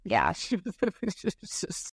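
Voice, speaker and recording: A woman's voice: mid-range voice, wildly swooping pitch, takes it slowly, breathy edge, no room sound, studio quality. A woman hosting a business podcast, chatty, blunt and opinionated in casual interview talk. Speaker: podcast host.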